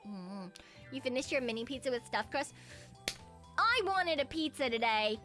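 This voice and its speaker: High-voiced chatty woman streamer. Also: lively intonation, moderate pace, bright, forceful tone, soft background music. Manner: chatty, swears casually, mock-dramatic complaints. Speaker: VTuber streamer. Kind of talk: casual chat with viewers.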